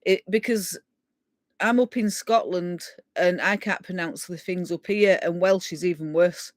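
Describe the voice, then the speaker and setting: A chatty woman from Yorkshire, England rambles on a live stream, laughing as she reads out viewers' comments in casual chat. Her voice sits on the low side and she talks a little slowly, with no room sound.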